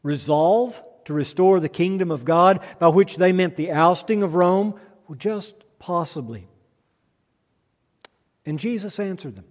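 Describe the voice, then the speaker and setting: A man preaching a sermon in a large church after leading a spoken litany, talking in a measured way with rhetorical questions and dry asides. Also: high voice, a little mellow. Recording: long church reverb.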